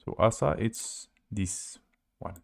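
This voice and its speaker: Slow, gravelly man with a Russian accent. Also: fairly low pitch, animated. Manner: halting, searches for words, spells out letters. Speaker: language teacher. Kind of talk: live-streamed language lesson.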